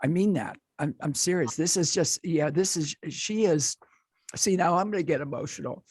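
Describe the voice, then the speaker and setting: Male podcast host, husky and dry-sounding, gushing and tripping over his words. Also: fairly high pitch, normal speed, no echo. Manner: effusive, stammering with emotion. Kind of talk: casual interview wrap-up.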